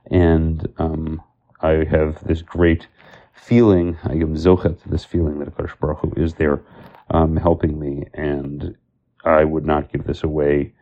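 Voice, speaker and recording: A man's voice: a bass voice, flat delivery, measured pace, narrow, tinny audio. A man giving an informal Torah talk, telling stories and stopping often for fillers. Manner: storytelling with many fillers and Hebrew terms. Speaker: Torah teacher.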